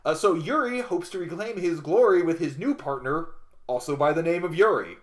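A man's voice: a little high, lively intonation, a little fast. A man co-hosting a casual podcast chat, rambling and self-deprecating, with plenty of fillers and restarts. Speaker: podcast co-host.

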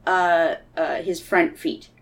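A woman in a casual chat, brainstorming a story in an animated way and acting out bits of it. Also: on the low side, slow pace. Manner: animated, acts out lines with laughter.

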